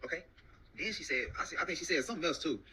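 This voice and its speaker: A man chatting and joking loudly on a casual livestream. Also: a little high, lively intonation, very fast, breathy edge, rough recording.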